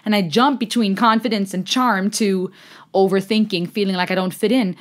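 Young woman reacting to a song on her channel, gushing and chatty, laughs a lot, middle pitch. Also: moderate pace. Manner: effusive, excited, thinking aloud; chatty, laughs often, speaks straight to viewers. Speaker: music reaction channel host. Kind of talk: music reaction vlog.

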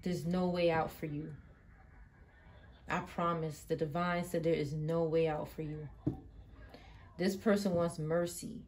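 Low-voiced woman giving an emphatic tarot reading. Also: fairly even intonation, measured pace, long pauses, slight background noise. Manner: emphatic, swears often, swings from quiet to loud outbursts. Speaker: tarot reader. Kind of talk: live tarot reading monologue.

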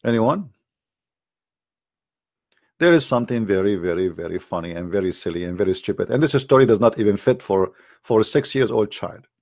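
A man's voice: lowish voice, expressive, fairly quick, vocal fry, pauses often, darkish tone, no echo, studio quality. A man hosting a religious debate, talking in a mocking, emphatic way with a lot of repetition. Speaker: debate host. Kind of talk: argumentative religious debate talk.

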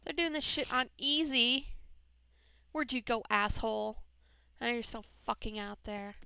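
A woman's voice: fairly high pitch, a little slow, gravelly, pushed and bright. A woman casually commenting while playing a game, swearing a lot and muttering under her breath. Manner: profane, swears a lot at enemies. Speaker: let's play gamer. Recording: constant background noise. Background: mouse clicks.

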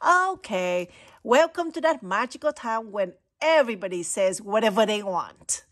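A woman's voice: medium pitch, lively intonation, normal speed. A woman reading a children's picture book aloud in a playful, coaxing way, breaking into animal sounds. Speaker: storybook reader.

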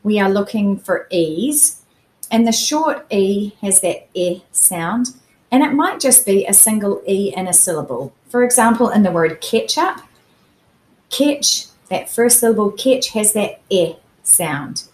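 A woman teacher giving a recorded phonics lesson to children, sounding out vowel sounds slowly and carefully. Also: mid-range voice, lively intonation, darkish tone. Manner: slow, careful enunciation of sounds. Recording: echoey room.

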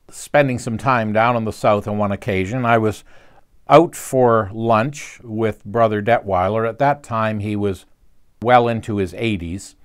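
A man giving a short devotional talk, telling a story in an earnest, gently preaching way. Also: lowish voice, clear, resonant tone.

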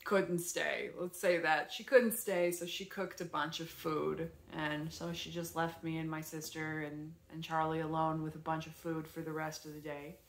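A woman vlogger casually retelling her day at home, rambling and animated with lots of fillers. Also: low voice, normal speed, hardly any pauses. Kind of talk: casual storytelling vlog. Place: her apartment. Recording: echoey room.

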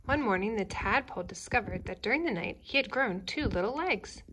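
A young woman, a teacher, reading a picture book aloud to children indoors in a gentle, expressive way, speaking to the kids directly. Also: medium pitch, fairly quick, slight background noise. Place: indoors at home.

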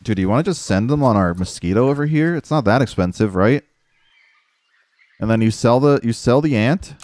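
A man's voice: medium pitch, expressive, normal speed, darkish tone, no echo. Self-mocking gaming streamer, man. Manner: self-mocking, talks to himself while playing; swears casually, says dude a lot. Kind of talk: casual gameplay commentary.

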